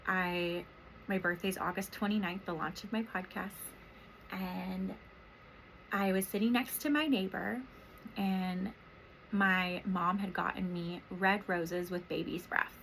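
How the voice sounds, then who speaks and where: A woman in her thirties, a therapist and podcast host from Washington State, speaking softly and emotionally in a rambling, reflective personal monologue. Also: lowish voice, steady tone, slow, vocal fry, a little hiss or hum, poor audio. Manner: soft, emotional, rambling with many fillers.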